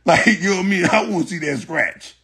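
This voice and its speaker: A man in a blunt, profane rant aimed at his online followers, in a somewhat high voice that swings up and down a lot. His tone is raspy and gravelly, and he keeps circling back to the same catchphrases. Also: lively intonation, fast, bright, forceful tone. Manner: blunt, profane, repeats "you know what I'm saying"; breaks into laughter often. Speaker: social media personality. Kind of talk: casual profane rant to viewers.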